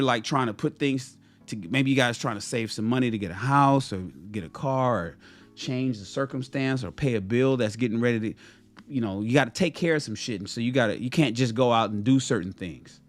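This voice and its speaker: A man's voice: medium pitch, moderate pace, soft background music. A man, a motivational vlogger, telling a story in a casual monologue, often repeating and restarting his phrases. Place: home in Los Angeles.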